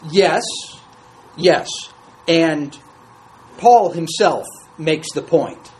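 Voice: medium pitch, animated, very slow, darkish tone, rough recording. A Bible study teacher reading scripture aloud to a class and commenting on it in a conversational way, asking the group questions.

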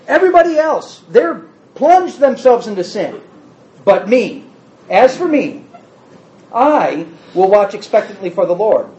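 A man's voice: high voice, a little mellow. A man teaching a Bible study class, asking the group rhetorical questions. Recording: roomy, slightly dull recording.

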